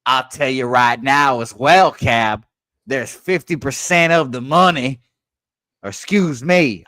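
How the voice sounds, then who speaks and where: A man's voice: mid-range voice, animated, slow pace, pushed and bright, dry recording, studio quality. A man co-hosting a casual sports betting show, teasing his partner and drifting into a put-on Southern drawl. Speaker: co-host.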